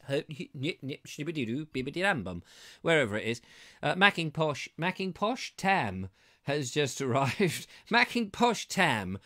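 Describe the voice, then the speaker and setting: A man's voice: a little high, fairly bright tone. A middle-aged man from England hosting a casual livestream, reading out viewers' comments and chatting in a rambling, jokey way with playful wordplay. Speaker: host reading live chat comments.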